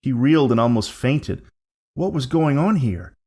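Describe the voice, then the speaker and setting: A man narrating a scripted horror story in a measured, suspense-building way. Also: medium pitch, expressive, a little mellow, breathy edge.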